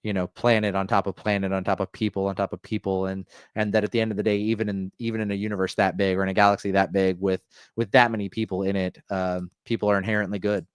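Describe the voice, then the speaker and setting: A man's voice: deep voice, level tone, quick pace, clean tone, no echo, clean studio sound. A man hosting a pop-culture podcast, talking casually and rambling through fillers and restarts. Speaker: podcast host.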